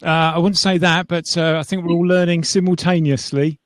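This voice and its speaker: An Englishman with a southern English accent chats as a live-stream guest, modest and quick to laugh. His voice sits a bit high and sounds close and dry through a desk mic. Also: flat delivery, no echo. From England. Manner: chatty, self-deprecating, laughs easily. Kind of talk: casual video-call chat. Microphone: big desk mic on video call.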